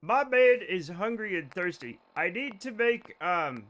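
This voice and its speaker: A man's voice: high voice, measured pace. A young man streaming a game live, chatting with his audience and bursting out now and then. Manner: excitable, bantering with chat, sudden outbursts. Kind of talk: casual live gameplay commentary.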